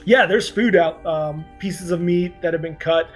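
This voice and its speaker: A man's voice: a little high, measured pace, faint music behind. A man running a tabletop game as game master, narrating in a loose style full of fillers.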